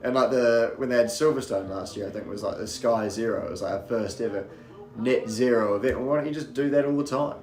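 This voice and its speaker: A man's voice: mid-range voice, fast, a little mellow, roomy sound. A man from New Zealand with a faint, mostly anglicized New Zealand accent, giving chatty live race commentary full of rambling asides. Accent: faint New Zealand, mostly anglicized toward British.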